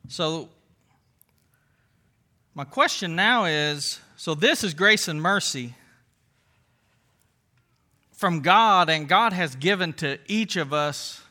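Guy preaching a sermon, highish voice, chatty, keeps firing questions at the congregation. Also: lively intonation, takes it slowly, long pauses, bright, forceful tone. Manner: conversational, piles up rhetorical questions. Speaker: pastor.

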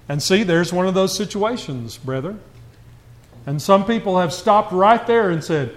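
A man preaching a conversational sermon to a church congregation, asking rhetorical questions and swinging from quiet asides to raised, emphatic passages. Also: high voice, expressive, moderate pace.

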